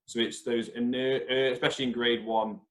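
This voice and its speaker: A man's voice: mid-range voice, level tone, fairly quick, fairly bright tone. A man co-hosting a podcast, thinking aloud in a rambling way with restarts and asides. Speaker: podcast co-host, teacher. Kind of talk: casual podcast discussion. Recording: echoey room.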